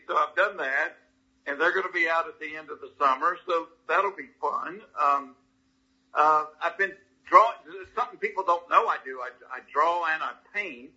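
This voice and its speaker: Husky bright-voiced Southern man telling stories. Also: a little high, muffled recording. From Georgia, US. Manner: animated, folksy anecdotes with quick restarts. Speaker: comedian guest. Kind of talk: casual interview storytelling.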